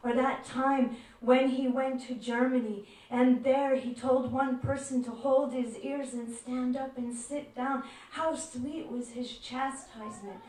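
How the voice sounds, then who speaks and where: A woman giving a devotional talk, telling stories gently and acting out the voices in them. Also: high-pitched, steady tone, slow. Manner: gentle storyteller who acts out quoted voices. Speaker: devotional speaker. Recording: echoey room, far from mic.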